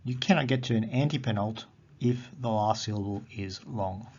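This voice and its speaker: A man teaching a recorded grammar lesson, explaining patiently and repeating words slowly. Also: lowish voice, darkish tone, breathy edge. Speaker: Greek teacher. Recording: dull lo-fi audio.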